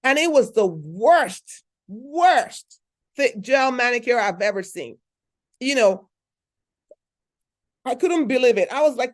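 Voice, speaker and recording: A woman speaker with a fairly high voice delivers a motivational talk. She is emphatic and repeats key phrases. She keeps asking her listeners whether they are following. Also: expressive, normal speed. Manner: emphatic, repeats phrases, asks the audience questions. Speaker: speaker at a conference.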